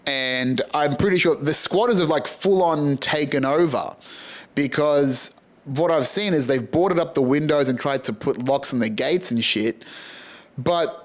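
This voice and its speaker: Unhurried and a bit high in pitch, a man with an Australian accent hosts a podcast, rambling through a loose, sweary monologue and cracking himself up with his own jokes.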